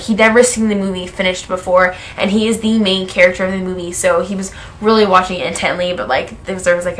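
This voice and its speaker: A woman's voice: medium pitch, fairly bright tone. A young woman vlogger gushing about a film festival, talking casually with constant "like" fillers. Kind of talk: excited fan recap vlog.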